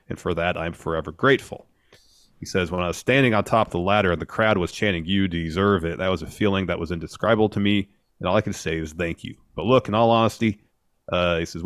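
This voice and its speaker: Deep-voiced man recapping wrestling, dry. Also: dry recording. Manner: steady storytelling, reads out quotes. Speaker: podcast co-host. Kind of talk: casual wrestling recap chat.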